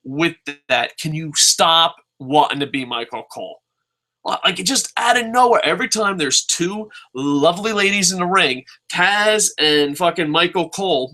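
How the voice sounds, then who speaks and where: Sharp-voiced man ranting profanely. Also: on the high side. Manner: sarcastic, swears constantly, acts out quotes. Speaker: wrestling show reviewer.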